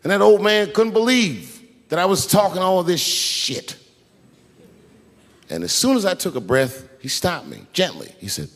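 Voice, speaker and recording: A middle-aged man telling a long stand-up story on stage, profane and animated, acting out the people in it. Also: high-pitched, a little slow. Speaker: stand-up comedian. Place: large venue on stage. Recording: live stage recording with long hall reverb.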